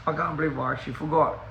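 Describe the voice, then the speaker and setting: A man's voice: on the high side, fairly even intonation, fast talker, gravelly, a bit bright, echoey room, a little hiss or hum. A young man rambling through a casual live-stream chat from home, easily sidetracked and laughing often. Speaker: musician live-streaming to fans. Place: at home, indoors.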